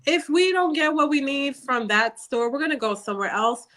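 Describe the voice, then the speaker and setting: Brief: New woman, podcast cohost, blunt and profane, a bit high-pitched. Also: lively intonation, moderate pace, fairly bright tone. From New York. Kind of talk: casual chat.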